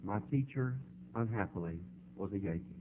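A man from the American South with a Southern drawl, preaching an impassioned sermon that swells to loud climaxes and slows down for emphasis. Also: on the low side, lively intonation. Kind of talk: fiery sermon. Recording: tinny narrow-band broadcast audio.

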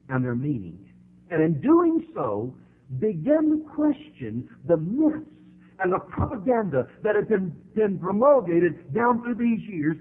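Southern drawl preacher man, husky, voice swings way up and down, fired up, sounds tinny like an old broadcast. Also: on the high side. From American South. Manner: impassioned, swells to loud climaxes and slows for emphasis. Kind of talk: fiery sermon. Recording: tinny narrow-band broadcast audio.

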